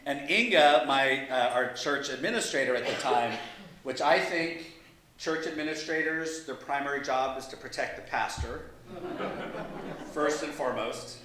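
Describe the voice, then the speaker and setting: A man's voice: mid-range voice, a little slow, background noise. A man, a pastor, telling a humorous story at a church meeting, self-deprecating and chuckling through asides. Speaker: pastor and guest speaker. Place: large meeting hall. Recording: very echoey hall.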